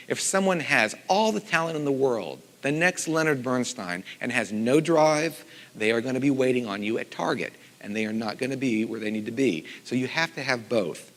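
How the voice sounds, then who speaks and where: A middle-aged man, a composer and teacher, giving a conference talk with animated storytelling and lively voiced quotes. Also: medium pitch, moderate pace. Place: conference hall. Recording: long hall reverb.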